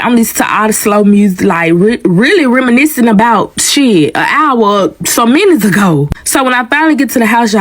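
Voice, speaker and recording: A young woman telling a story casually and animatedly, often addressing the viewers as y'all. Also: mid-range voice.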